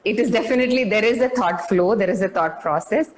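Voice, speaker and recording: Animated woman explaining. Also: mid-range voice, fast talker, slight background noise, low-quality recording. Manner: animated, acts out lines, many fillers and restarts. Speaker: guest dance artist explaining song lyrics. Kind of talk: conversational explanation in an interview.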